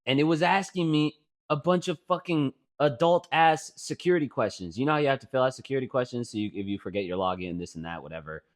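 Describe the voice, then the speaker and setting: A young man co-hosting a casual podcast, telling stories with a lot of swearing and rising to loud, laughing outbursts. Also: medium pitch, animated, fast talker. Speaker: podcast co-host. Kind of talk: casual storytelling chat.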